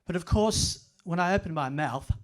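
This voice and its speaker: A man's voice: a little high, animated, moderate pace. Older man telling funny stories. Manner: self-deprecating humorous storyteller. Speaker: author giving a talk. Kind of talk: storytelling presentation. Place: library event room.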